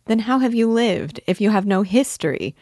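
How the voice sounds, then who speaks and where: A woman voices a playful young girl in an audiobook character reading, full of eager, teasing questions that sound lively and slightly impatient. Her voice sits low and unhurried, recorded close and dry.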